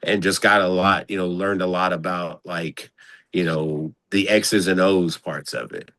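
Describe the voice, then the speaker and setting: A man, a basketball coach, talking casually in an interview in an animated, slangy way with lots of repeated phrases. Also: low voice, unhurried, no echo.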